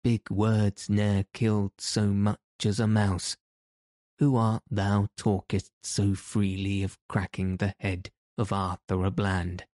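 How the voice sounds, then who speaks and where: Man voicing a defiant tanner, archaic retorts, flat delivery, dry close sound. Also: lowish voice, slow pace, dry recording. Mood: heated. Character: stubborn, fearless grown male tanner.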